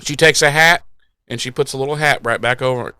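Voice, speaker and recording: A man's voice: medium pitch, quick pace, bright, forceful tone, smooth, no room sound. A man co-hosting a podcast, retelling a TV episode in a rambling, laughing, profane way. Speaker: podcast co-host. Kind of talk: casual chat.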